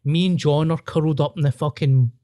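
A Scottish man with a Glaswegian accent, hosting a podcast and telling a wild story in an animated, sweary way, acting out voices. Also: fairly high pitch, fairly quick. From Scotland. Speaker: podcast host. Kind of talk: casual storytelling chat.

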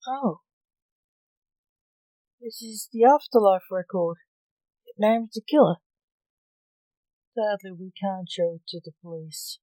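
A woman voicing a stern male doctor who is Death, speaking loud and grave in a read-aloud story. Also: mid-range voice, takes it slowly, long pauses, no echo, natural voice, rough recording. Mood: somber.

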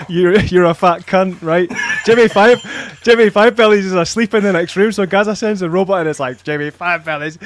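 A man's voice: sits high, slight background noise. A man on a casual fan podcast, telling stories in a chatty way, swearing freely and filling gaps with ums. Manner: chatty storyteller, swears freely, many fillers. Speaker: podcast panelist.

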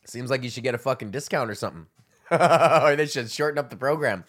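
A man's voice: mid-range voice, fairly quick, a bit bright. A man, a comedian ranting alone on his podcast, swearing and rambling while he laughs at his own jokes. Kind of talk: ranting solo podcast monologue.

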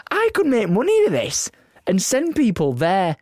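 A young man co-hosting a podcast in casual chat, playful and quick to laugh. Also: high-pitched, wildly swooping pitch, mellow, no room sound, clean studio sound. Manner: playful, laughs often, slips into put-on voices. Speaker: podcast co-host.

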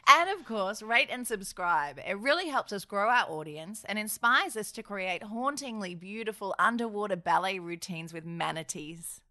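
A woman's voice: mid-range voice, expressive, normal speed, few pauses, bright, forceful tone. A woman co-hosting a podcast, teasing her partner sarcastically and laughing often. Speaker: podcast co-host. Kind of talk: casual banter.

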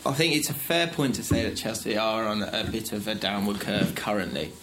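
A man's voice: fairly low pitch, fairly quick, noisy background. A man, telling stories in a casual podcast chat and laughing as he goes. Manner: animated, laughs through his anecdotes. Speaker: podcast co-host.

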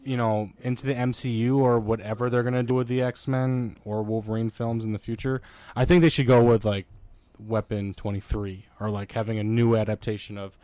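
A man's voice: mid-range voice, little pitch movement, fairly quick, warm tone, no room sound. A man chatting casually about movies, rambling with many fillers and restarts. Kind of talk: casual podcast chat.

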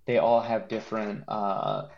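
A man's voice: on the low side, unhurried, gravelly, a crowd in the background. Guy cohosting a podcast, jokey and rambly, laughs a lot, kinda dull lo-fi sound. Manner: animated, joking, laughs often, rambling restarts. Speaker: podcast co-host. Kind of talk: casual chat.

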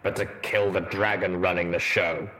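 A man voicing a deep deadpan armored pony soldier. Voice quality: deep, rumbling. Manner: deadpan, measured and wry. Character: gruff armored male pony soldier, dry and skeptical.

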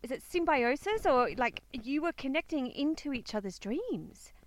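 A woman's voice: sits high, big pitch swings, normal speed, dry recording, poor audio. A woman co-hosting a podcast, reacting to a story with gasps and exclamations. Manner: gasping, exclaiming listener. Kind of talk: casual chat.

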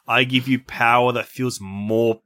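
A man's voice: medium pitch, steady tone, unhurried, bright, forceful tone. A man voicing a scheming old male emperor, speaking in a sly, coaxing way.

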